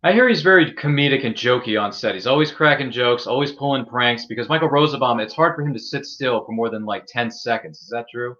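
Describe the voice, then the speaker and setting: A man's voice: medium pitch, quick pace, few pauses, a bit bright. A man interviewing an actress, asking long, rambling questions like an eager fan. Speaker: interviewer host. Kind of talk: casual interview. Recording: dull lo-fi audio.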